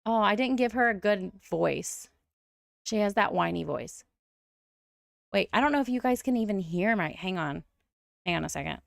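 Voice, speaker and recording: A woman's voice: medium pitch, animated, normal speed, gravelly, pauses often, dry recording, clean studio sound. A young adult woman chatting casually while streaming a game, rambling and laughing often. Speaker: gaming streamer. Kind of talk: casual live stream chat.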